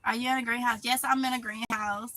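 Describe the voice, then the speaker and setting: A woman's voice: fairly high pitch, fairly even intonation, fast, bright, forceful tone, rough recording. A woman with a Mississippi Southern accent, hosting a live stream from a greenhouse, chatting casually and answering comments with laughs. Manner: chatty, talks back to comments, laughs often. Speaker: channel host reading live chat.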